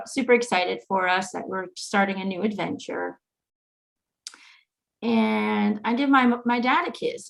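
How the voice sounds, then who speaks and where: A woman's voice: mid-range voice, vocal fry. A middle-aged woman hosting a casual, heartfelt chat, telling her story in an earnest, reflective way. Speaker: host.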